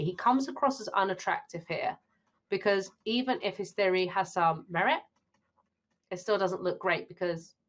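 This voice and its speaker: A woman's voice: mid-range voice, fairly bright tone. A woman with a British accent giving an exam revision lesson, reading lines from a play aloud and explaining them to viewers in a chatty way. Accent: British English. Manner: chatty, addresses viewers directly. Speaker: English teacher.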